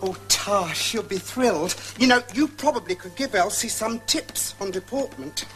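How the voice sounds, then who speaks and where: An actress playing a fussy, snooty housemaid in a scripted comedy sketch. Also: female voice, mid-range voice, animated, normal speed, over music, close to an everyday voice. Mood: prim. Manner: prim, bossy and chatty.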